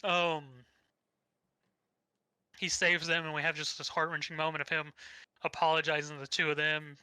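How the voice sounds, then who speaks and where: A man's voice: fairly high pitch, completely flat delivery, normal speed, bright, forceful tone, smooth, dry recording, low-quality recording. A young man co-hosting a podcast, rambling through a casual anime recap with easy swearing. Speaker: podcast co-host.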